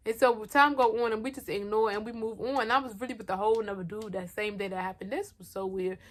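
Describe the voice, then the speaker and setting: A young woman telling a personal story to her viewers in a casual, slangy, animated storytime style, talking straight to the camera at home. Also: medium pitch. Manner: animated, talks fast, heavy slang, addresses viewers directly. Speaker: vlogger.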